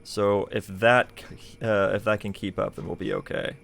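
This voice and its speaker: A man's voice: lowish voice, flat delivery, moderate pace, vocal fry, a bit bright. A man streaming a game live, thinking aloud in a chatty way with plenty of fillers. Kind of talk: casual live gameplay commentary.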